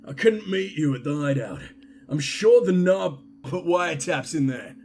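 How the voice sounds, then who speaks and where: A man's voice: on the high side, lively intonation, moderate pace, a little mellow, slight background noise, voice pushed down. A man voicing a secretive male game character in a put-on Cockney accent, giving curt orders.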